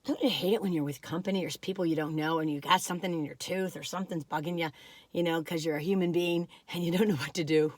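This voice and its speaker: A woman in her sixties, chatting casually as she reviews food on camera, rambling and self-deprecating, with a slightly squeaky voice that has mellowed over the years. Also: fairly even intonation, fast talker, dry recording. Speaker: vlogger.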